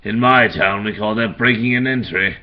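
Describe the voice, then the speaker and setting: A man putting on the voice of a manic, sneering male clown villain, stretching his words and sliding them from high to deep. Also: moderate pace, lo-fi sound, lightly acted.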